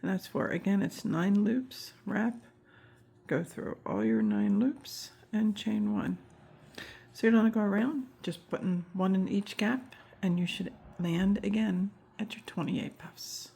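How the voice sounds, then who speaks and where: A woman walks viewers through a crochet pattern, counting each stitch aloud and adding friendly asides. Her voice is husky with a gravelly edge, and she talks at an unhurried, slow pace. She has the hiccups. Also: medium pitch, warm tone. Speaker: crochet instructor. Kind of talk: step-by-step craft tutorial.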